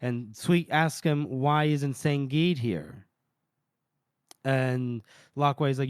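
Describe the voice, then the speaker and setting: Slow and smooth, with lively intonation and a medium pitch, this man co-hosts a relaxed book podcast. He walks through a chapter's events and slips briefly into the characters' voices, recorded in studio quality without room sound.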